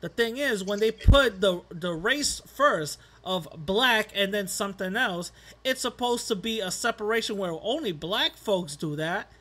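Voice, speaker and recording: A man's voice: sits high, animated, a little slow, bright, forceful tone. A man hosting a podcast, talking earnestly in a casual interview conversation, rambling a little. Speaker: podcast host.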